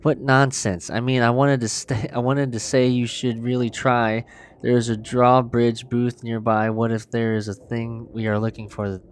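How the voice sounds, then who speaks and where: A man voicing a stern older woman trapped in a church in a horror game, speaking loudly and demandingly. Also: mid-range voice, little pitch movement, normal speed, clear, resonant tone, lightly acted.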